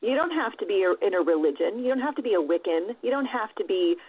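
A woman's voice: mid-range voice, animated, quick pace, slightly rough, no echo. Woman, casual discussion, emphatic, swears freely, narrow phone-like sound.

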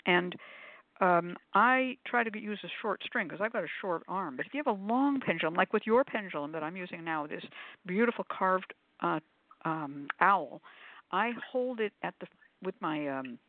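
A woman's voice: fairly low pitch, normal speed, no room sound. Chatty woman on a tinny call. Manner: chatty, animated storyteller, acts out quotes. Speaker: shop owner and pendulum teacher. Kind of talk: casual conversation, demonstrating. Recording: phone-like dry audio.

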